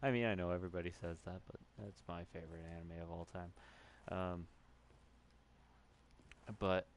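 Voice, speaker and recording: A man's voice: sits low, fairly even intonation, moderate pace, slight background noise. A man giving casual, rambling commentary while playing a video game, with lots of fillers and restarts and the odd curse when he loses his train of thought. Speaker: gaming commentator.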